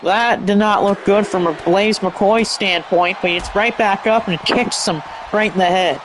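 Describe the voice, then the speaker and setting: High-voiced excitable male commentator. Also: measured pace, noisy background. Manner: energetic, bursts into shouts at big moves; stumbles over move names and corrects himself. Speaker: play-by-play commentator.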